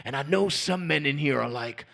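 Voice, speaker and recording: A man doing a stand-up comedy set in a small club, acting out the people in his story with loud, shouted voices. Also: a little high, normal speed, creaky. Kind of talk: stand-up routine.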